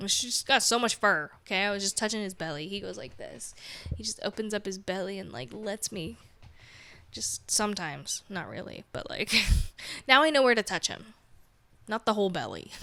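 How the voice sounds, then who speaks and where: Speaking in a mid-range, fairly bright tone with no room sound, this podcast host chats alone in a loose, self-deprecating, rambling way, laughing frequently.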